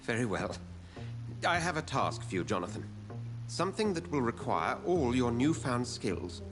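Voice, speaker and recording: A man playing a courtly, lively hospital director. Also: mid-range voice, moderate pace, close to an everyday voice. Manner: polite, courtly, animated speech. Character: genteel male hospital director, polite and courtly. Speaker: game character. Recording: game audio with music behind.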